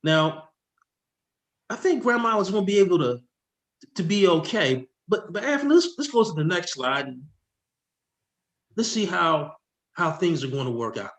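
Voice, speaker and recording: A man, a tax expert guest, explaining with slides in an excitable, rushing way that keeps interrupting itself. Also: high voice. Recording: echoey room.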